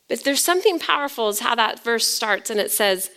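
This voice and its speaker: A woman pastor preaching a dramatic sermon. She swings from loud emphasis to near whispers and puts rhetorical questions to the congregation. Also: a little high, moderate pace.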